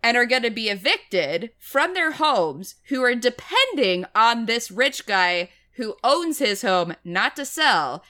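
A woman with a bright, forceful voice gives her take on a film, wry and blunt. She is opinionated and quick to laugh, and her voice sits a little high. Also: big pitch swings. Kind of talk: casual film review chat.

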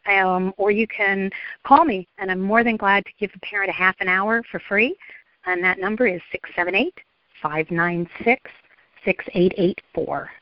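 A woman's voice: mid-range voice, moderate pace, dry recording, muffled recording. A woman therapist and speaker, a guest in an interview, telling stories and acting out the voices of parents and kids. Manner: animated storyteller acting out parent and child voices. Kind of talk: interview conversation.

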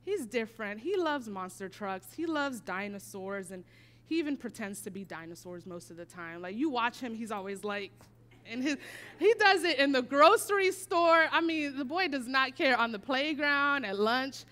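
A woman preaching a sermon, telling a personal story and moving from hushed, quiet passages to emphatic declarations. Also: a little high, animated, normal speed.

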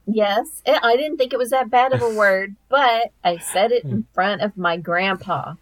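A woman's voice: medium pitch, normal speed, no room sound, low-quality recording. A middle-aged woman chatting casually, telling family stories and laughing often. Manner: laughs often, lively storytelling. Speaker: co-host, mother of the host. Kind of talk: casual chat.

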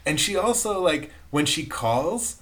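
A man's voice: fairly high pitch, big pitch swings, unhurried, fairly bright tone. A man co-hosting a podcast, musing in casual chat with a puzzled tone and lots of "like". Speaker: podcast co-host.

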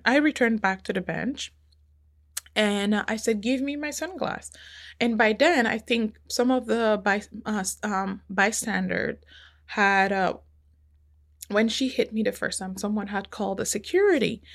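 A woman's voice: mid-range voice, unhurried. A woman recounting a personal story in conversation, emotional and acting out the dialogue of the people involved, with frequent restarts. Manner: emotional, re-enacts dialogue with quoted voices; repeats and restarts while recounting. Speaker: interview guest.

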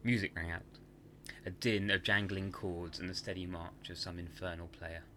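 A man narrating a scripted horror story for a podcast in a measured, hushed dramatic manner. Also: deep voice, little pitch movement, a little hiss or hum.

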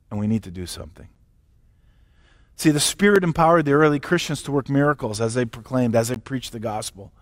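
A man's voice: a little high, no room sound. Man preaching with emphatic questions, dry sound. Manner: emphatic preaching with rhetorical questions and occasional restarts. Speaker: pastor. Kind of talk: livestreamed sermon. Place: church or home, recorded for a live stream.

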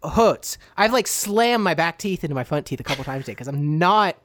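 Animated man chatting on a podcast. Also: a little high, a little fast. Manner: animated, explains things, self-deprecating. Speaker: podcast co-host. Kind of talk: casual comedy chat.

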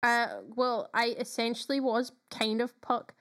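Woman, podcast co-host, casual chat, chatty and eager, fairly high voice. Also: flat delivery, a little slow, a bit bright. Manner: chatty, enthusiastic, frequent fillers.

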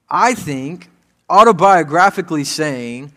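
A male pastor preaching a sermon, moving between hushed scripture reading and raised, urgent appeals to the congregation. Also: medium pitch, measured pace, long reverb tail.

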